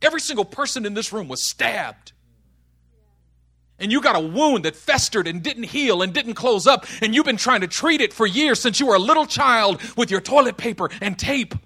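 A man preaching a sermon, telling a story and acting out the voices in it, dropping to a hush and then rising to shouts. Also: very high-pitched, expressive, moderate pace, breathy edge. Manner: storytelling with acted voices, swings from hushed to shouting.

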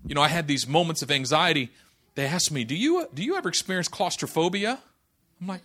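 Bright-voiced impassioned male preacher. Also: fairly high pitch, very animated, brisk. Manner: impassioned, swings from hushed to loud, quotes scripture; folksy humor, colloquial asides. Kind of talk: sermon.

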